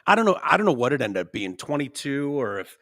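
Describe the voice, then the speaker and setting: A man hosting a podcast in casual chat, halting with fillers and frequent throat-clearing. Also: mid-range voice, big pitch swings, fairly bright tone, no echo, studio quality. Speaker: podcast host.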